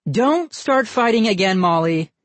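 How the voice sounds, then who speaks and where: A reader voicing a brisk, teasing mother who snaps at the children in an audiobook. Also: medium pitch, expressive, a little mellow, no room sound, pitched above the performer's own voice, lightly acted. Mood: snappy. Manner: snappy, teasing. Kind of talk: audiobook character voice.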